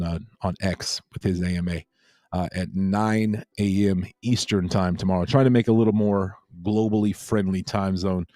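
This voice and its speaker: Male livestream host, low mellow voice, loose repetitive chatter, dry close mic. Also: dry recording. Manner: laid-back, repeats himself, reads chat aloud. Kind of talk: casual livestream chat with viewers.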